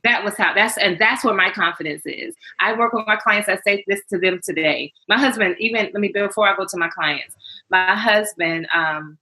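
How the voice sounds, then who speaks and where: Bright, emphatic woman guest. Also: mid-range voice, normal speed, low-quality recording. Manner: emphatic, animated storyteller with repeated rhetorical questions. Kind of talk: candid conversational interview.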